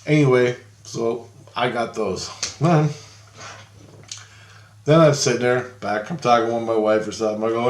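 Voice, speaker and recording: A man's voice: mid-range voice, steady tone, moderate pace, pauses often, a little hiss or hum. A middle-aged man casually telling a long story in a rambling way, chuckling often and raising his voice for the people he quotes. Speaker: storyteller recounting visions. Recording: roomy, echoey room sound.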